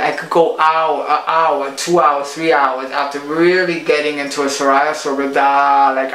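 A woman's voice: sits low, fairly bright tone, echoey room, slight background noise, rough recording. A woman, a cooking show host, telling a playful story in a casual vlog monologue. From Puerto Rico.

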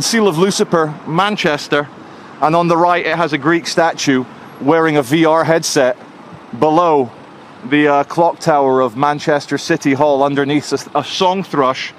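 A man filming himself outdoors on a city street, talking in a calm, sardonic, unbothered way as he gives casual commentary to the camera. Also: a little high, a little hiss or hum. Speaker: vlogger filming in public.

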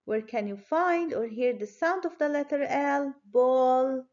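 A woman teacher giving a children's phonics lesson, speaking clearly and encouragingly. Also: high-pitched, a little mellow, lo-fi sound. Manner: slow, clear, encouraging classroom delivery.

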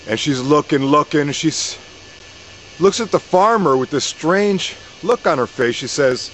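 A man telling a folk story in a relaxed, folksy way, with lots of repetition. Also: on the high side, a little slow, slight background noise, low-quality recording. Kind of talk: casual oral storytelling.

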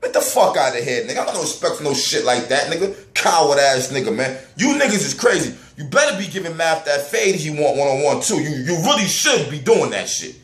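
A man rants with raw anger, his voice pitched high and swinging widely as he scolds. The sound is echoey, as if recorded in a bare room. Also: big pitch swings, fairly quick, hardly any pauses, fairly bright tone. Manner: angry, profane, heated ranting. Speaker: battle rap commentator. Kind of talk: ranting vlog.

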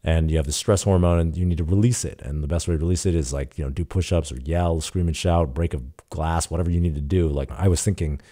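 A man's voice: deep voice, quick pace, hardly any pauses. A man in his thirties, a startup founder, casually retelling a story in an interview, acting out the dialogue with lots of "like". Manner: casual, animated retelling with quoted dialogue and frequent "like".

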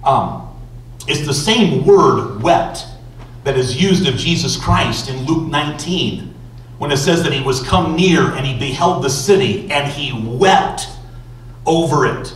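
A male pastor preaching a sermon slowly and emphatically, with dramatic pauses. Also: fairly high pitch, lively intonation, slight background noise. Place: church sanctuary. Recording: roomy church echo from far off.

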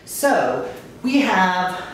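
A woman teaching a kindergarten music lesson, upbeat and encouraging, chanting words to a steady beat and calling on children to join in. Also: medium pitch, very slow. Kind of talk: children's lesson, call and response. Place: kitchen. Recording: echoey room, mic far off.

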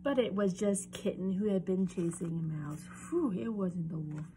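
A young woman reading a picture book aloud to children, animated and often dropping into a whisper. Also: on the low side, moderate pace, a little hiss or hum. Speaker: storyteller.

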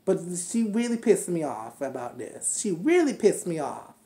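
This woman has a lowish, warm voice, very animated and at a moderate pace. Recapping a reality show in a heated rant, she curses at the cast members and tells them off straight to their faces, as if they were listening.

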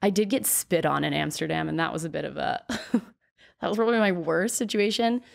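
Low-voiced chatty young woman. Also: a little fast, vocal fry. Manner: chatty storyteller, heavy use of "like", frequent laughs. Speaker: podcast guest. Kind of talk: candid podcast chat.

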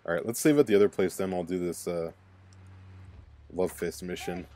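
A young man giving casual let's-play commentary, excitable and swearing as he plays. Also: sits low, normal speed, slight background noise. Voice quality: excitable, swears and laughs often.

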